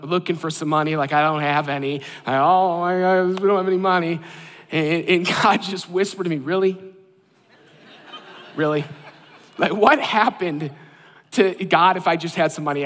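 A male pastor tells a self-mocking story from the pulpit of a church sanctuary. His voice sits high, and it gets animated as the story builds. Long reverb from the hall trails after his words. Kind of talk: sermon with personal story.

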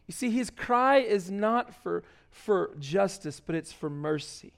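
A man's voice: high voice, animated, measured pace, creaky. A man preaching a sermon in a loose, conversational way, full of fillers and restarts. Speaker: pastor.

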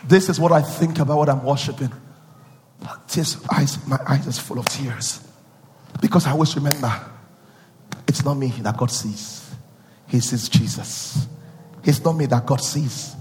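A male preacher giving a sermon, repeating phrases and questioning his listeners, rising from quiet teaching into sung and shouted peaks. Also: mid-range voice, moderate pace, pauses often, in a large hall, a little hiss or hum.

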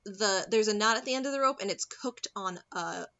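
A woman retells a film's story in a relaxed podcast chat, animated and dotted with ums. Her voice is bright and forceful. The recording sounds slightly dull and lo-fi. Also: medium pitch, brisk, no echo. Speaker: podcast co-host recapping a film. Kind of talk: casual chat.

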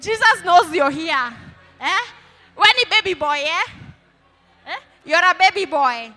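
A woman pastor preaches with high, bright energy, prompting the congregation to answer her. Her voice rings through a reverberant church hall with faint music underneath. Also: a little slow. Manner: animated, call-and-response with the congregation. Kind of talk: sermon.

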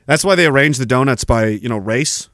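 A man's voice: mid-range voice, animated, fairly quick, a bit bright, no room sound, studio quality. A man, hosting a podcast in a profane, sarcastic ranting monologue. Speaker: podcast host.

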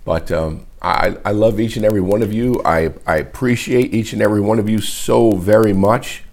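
A middle-aged man, a pastor, preaching an emotional sermon in a halting, repetitive way, close to tears. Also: lowish voice, a little mellow. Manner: emotional, wears heart on sleeve; halting, repeats words often. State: tearful. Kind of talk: livestreamed sermon.

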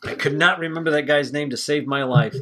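A man's voice: fairly high pitch, a little fast, a bit bright, a little hiss or hum. A man co-hosting a podcast, chatting casually and opinionated about a movie, rambling and swearing freely. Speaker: podcast co-host. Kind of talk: casual movie review chat.

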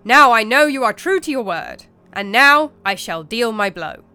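Woman reader doing a stern giant knight, loud and bright, commanding. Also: fairly high pitch, lively intonation, normal speed, clear, resonant tone, no room sound, faint music behind. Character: huge booming male green knight, stern.

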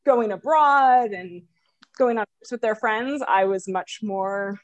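A woman's voice: mid-range voice, slow, dry recording. A woman in her thirties from New York and New Jersey, a podcast guest telling friendly, wry stories. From New York City and rural New Jersey. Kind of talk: casual interview chat.

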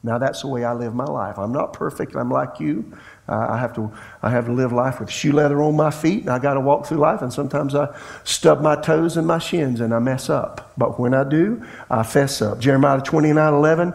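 A man's voice: mid-range voice, a little fast, gravelly. A middle-aged man preaching a sermon as pastor, telling folksy stories and acting out family dialogue. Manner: folksy storytelling preacher who acts out dialogue.

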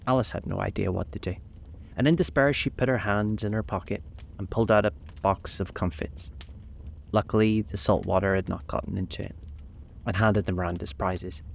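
A man narrating a storybook in a measured, gentle way. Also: on the low side, steady tone, creaky, a little hiss or hum.

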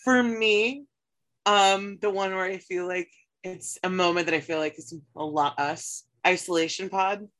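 A woman's voice: on the low side, fairly even intonation, unhurried, fairly bright tone. A woman co-hosting a podcast in casual chat, laughing often and agreeing readily. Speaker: podcast co-host.

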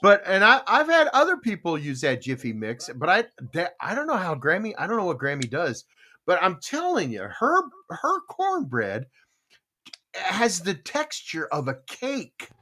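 A man's voice: high voice, wildly swooping pitch, unhurried, sharp tone. A man on a morning show, talking about food in a folksy, rambling way with lots of fillers. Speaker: co-host. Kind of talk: casual morning show chat.

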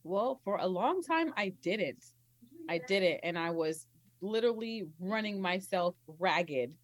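A woman's voice: mid-range voice, lively intonation, a little slow. A woman guest in a casual interview, speaking candidly and laughing easily.

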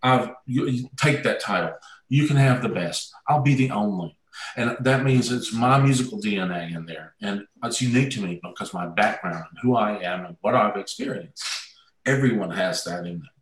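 Guest, man, lowish voice, reflective and searching, recorded far from the mic. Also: expressive, moderate pace. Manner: thoughtful, searching for words, trails off. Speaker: guest musician. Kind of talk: reflective conversation. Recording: echoey room, distant mic.

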